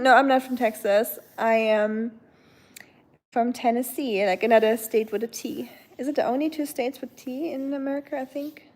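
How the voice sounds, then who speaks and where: Woman, casual live-stream chat, slightly high voice, rambling with fillers. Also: dark tone. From Germany. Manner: rambling, many filler likes.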